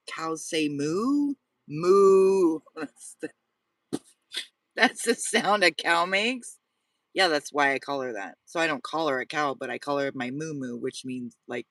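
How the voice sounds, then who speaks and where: A man's voice: fairly high pitch, pushed and bright, dry recording, recorded from a distance. A man livestreaming from inside the car he lives in at night, rambling and repeating himself as he chats with viewers. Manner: rambling, repeats himself, talks to live chat. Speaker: vlogger living in his car. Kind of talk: casual livestream chat with viewers.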